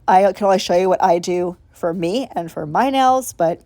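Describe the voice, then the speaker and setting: A woman with a lowish, warm voice speaks at normal speed in a recording with no echo. She's a nail vlogger whose chatty voiceover was recorded separately from the video, gushing and swearing casually as she walks through each step of the tutorial.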